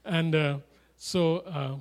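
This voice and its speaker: A man preaching a sermon, animated and emphatic, with chatty asides and humorous stories. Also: fairly high pitch, slow, creaky. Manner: animated, rising to loud emphatic declarations.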